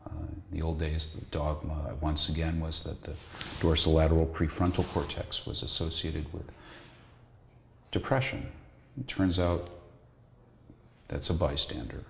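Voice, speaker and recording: Low-voiced man explaining in an echoey room. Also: flat delivery, vocal fry. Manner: measured, lecturing, with occasional restarts. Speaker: psychiatrist guest. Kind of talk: explanatory interview answers.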